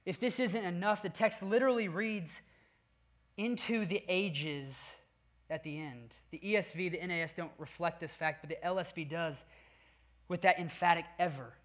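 A man with a notably high voice delivers an expository sermon. He speaks emphatically and piles up repeated phrases to drive each point home. His delivery is deliberate and earnest. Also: a bit bright. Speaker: preacher.

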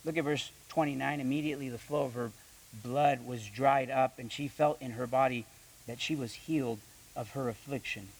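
A young man preaching a sermon with animated delivery, reading scripture and acting out the quoted voices, often repeating his words. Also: medium pitch, normal speed, rough recording. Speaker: pastor.

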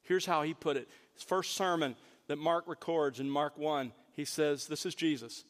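This pastor's sermon is sincere, his somewhat higher-than-average male voice holding a fairly even intonation while he slows to emphasize the words that matter. A long, lingering echo suggests a big hall.

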